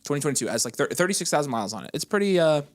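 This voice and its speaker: An excitable man co-hosts a casual livestream, reading viewer comments aloud and venting freely. His voice swoops through a wide range of pitch, over faint background music. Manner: animated and excitable, quick to vent frustration. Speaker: co-host of a fantasy football livestream.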